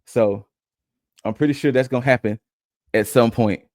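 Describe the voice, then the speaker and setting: A man's voice: medium pitch, moderate pace, darkish tone, no echo. Laid-back man recapping casually, dry sound. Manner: loose, conversational, acts out quotes in passing. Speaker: podcast co-host recapping wrestling.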